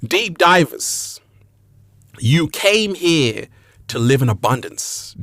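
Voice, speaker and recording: A man's voice: a little high, big pitch swings, takes it slowly, dry recording, studio quality. A man who is a motivational speaker, closing a video with playful plugs and sign-offs. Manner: playful, swings from loud to whispers. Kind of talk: video outro with promos.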